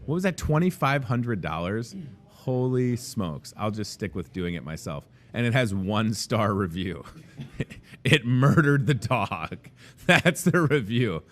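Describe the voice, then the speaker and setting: A man's voice: on the low side, very animated, a little slow, fairly bright tone. A man in his thirties hosting a casual show from a grocery store café, jokey and rambling. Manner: jokey, rambling, self-deprecating. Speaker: host. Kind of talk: casual chat.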